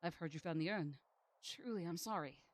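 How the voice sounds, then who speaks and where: A woman voicing a grieving father who rallies his villagers, read aloud from a game in a lowered, earnest voice. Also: a little fast, dry recording, natural voice. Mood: solemn. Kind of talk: reading game dialogue aloud on stream.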